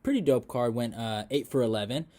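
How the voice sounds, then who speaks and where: A young man hosting a casual fight recap, rambling with many fillers and restarts, dropping into mumbles, then bursting out loud and excited. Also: medium pitch, a little fast. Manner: rambling, lots of fillers and restarts, swears freely; swings from mumbled asides to excited loud outbursts. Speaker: MMA predictions channel host.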